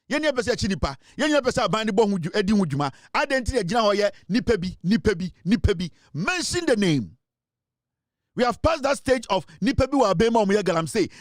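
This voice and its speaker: High-voiced emphatic Ghanaian man. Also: no room sound, studio quality. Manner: emphatic, scolding, mixing Twi and English. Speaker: political commentator. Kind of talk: impassioned political commentary.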